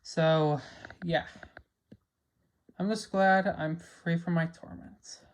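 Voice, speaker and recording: A young man giving a ranting episode review, stammering and restarting often, swinging between loud outbursts and quiet mumbling. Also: on the high side, steady tone, takes it slowly, a little hiss or hum. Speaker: show reviewer.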